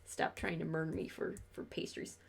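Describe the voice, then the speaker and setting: A young woman plays a game on stream, chatting in a loose, rambling way that's sarcastic and profane, often breaking into laughter. Her low-pitched, husky voice has vocal fry and a flat delivery at normal speed.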